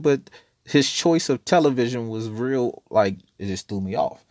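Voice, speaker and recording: A man's voice: medium pitch, animated, unhurried, darkish tone, no echo, studio quality. A man casually telling a story, laid-back and profane, rambling with frequent laughs.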